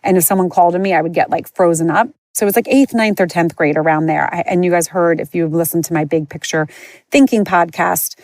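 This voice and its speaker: Low-voiced woman telling her own story. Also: steady tone, brisk, darkish tone, no room sound. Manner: candid, chatty, frequent "like" and "you know". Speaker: podcast host. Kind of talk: personal storytelling.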